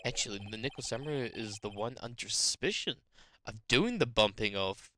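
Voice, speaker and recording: A woman voicing a bumbling, blustering male police detective from a video game, gruff and easily flustered. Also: rumbling low, expressive, fairly quick, a bit bright, faint music behind. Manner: gruff, flustered, says "pal".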